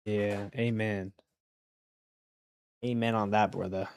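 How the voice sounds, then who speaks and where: A young man livestreaming while making beats, chatting casually and excitably with his viewers, swinging between loud bursts and quiet mumbling. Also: on the low side, slow pace, creaky, clear, resonant tone, no echo, studio quality. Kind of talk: casual chat to stream viewers.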